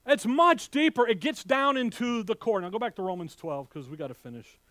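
Speaking a little fast in a high-sitting voice, this pastor delivers a fiery, animated sermon, lurching from loud outbursts to hushed asides. His manner with the congregation is folksy and direct, and the recording is dry.

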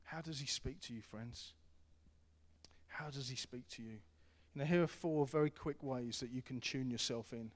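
A middle-aged man preaching a sermon as pastor, earnest and repetitive, swinging between loud appeals and hushed tones. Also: mid-range voice, moderate pace. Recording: long hall reverb.

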